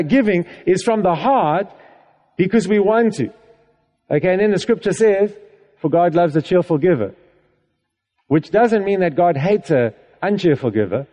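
A man's voice: high voice, dark tone. A man preaching a sermon to a congregation in a casual, conversational way, checking in with them often and laughing along. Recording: echoey hall reverb.

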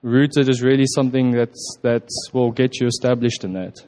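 A man's voice: mid-range voice, steady tone, mellow. A man giving an informal, earnest sermon and prayer at a church service, often restarting his phrases. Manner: earnest, halting with repeated restarts. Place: church hall. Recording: long hall reverb.

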